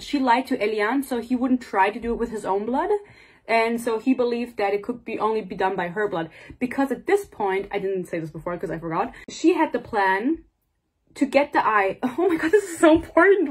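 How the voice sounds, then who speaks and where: Husky young woman ranting about a book. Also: fairly high pitch. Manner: exasperated, sarcastic, swears freely; rambling and digressive. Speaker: book reviewer. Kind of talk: casual book rant.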